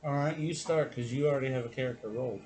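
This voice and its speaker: A man's voice: medium pitch, fast talker, darkish tone, poor audio. A man, the game master, chatting casually about his tabletop campaign, laid-back and swearing freely. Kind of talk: casual chat.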